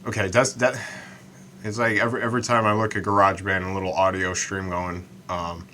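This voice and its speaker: A man hosting a solo podcast about writing poetry, talking in a halting way with many stammered restarts and slowing down to recite his lines. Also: low-pitched, level tone, bright, forceful tone, slight background noise. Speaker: podcast host.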